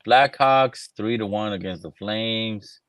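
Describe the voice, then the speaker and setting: A man's voice: lowish voice, slow, fairly bright tone, smooth, no echo. A man hosting a casual livestream chat, swearing freely and laughing often. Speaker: livestream host. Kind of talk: casual chat over drinks.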